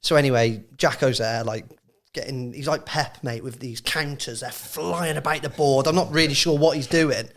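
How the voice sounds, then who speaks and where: A man's voice: mid-range voice, normal speed. A man, a former club physio, telling stories with lots of laughter in a casual podcast chat. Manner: animated storyteller, laughs often.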